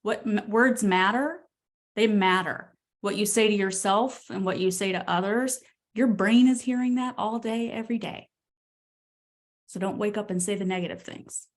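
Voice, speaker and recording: A woman coaching a group call in a frank, lively way, laughing as she goes. Her pitch sits in a middling range for a woman, and she keeps pushing her listeners with direct, tough-love advice. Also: normal speed. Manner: blunt, energetic, laughs often. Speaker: real estate coach.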